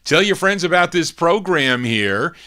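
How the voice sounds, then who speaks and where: A man's voice: on the high side, sing-song, measured pace, pushed and bright. A man hosting a live record show, giving easygoing patter between songs, with song details and listener dedications.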